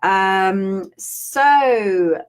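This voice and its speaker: A woman's voice: mid-range voice, lively intonation, extremely slow. A middle-aged woman from Australia with an Australian accent, chatting casually on a live stream as a spiritual coach, rambling with restarts and fillers.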